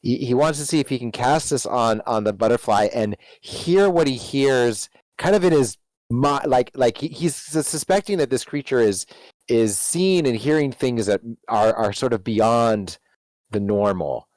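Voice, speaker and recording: A man's voice: medium pitch, lively intonation, measured pace, darkish tone, no echo, poor audio. A man playing a tabletop game, hesitant and stammering as he asks the game master questions. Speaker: player. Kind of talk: casual tabletop play.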